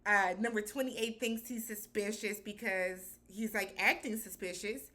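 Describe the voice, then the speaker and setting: A woman's voice: medium pitch, steady tone, a little slow, pushed and bright. A woman recapping a TV episode in a loose, chatty way, with slangy phrasing and lots of filler words. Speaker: TV show reviewer.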